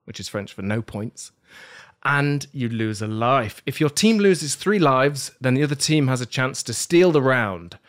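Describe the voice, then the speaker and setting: A man's voice: mid-range voice, expressive, measured pace, fairly bright tone. A man hosting a podcast game show in a playful, jokey way. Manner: playful, jokey, self-mocking.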